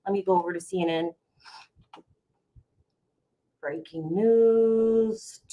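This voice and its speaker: A woman's voice: on the low side, little pitch movement, very fast, dark tone. A middle-aged woman, hosting a casual live stream from home, chatty and emotional as she talks to her viewers. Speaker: vlog host going live.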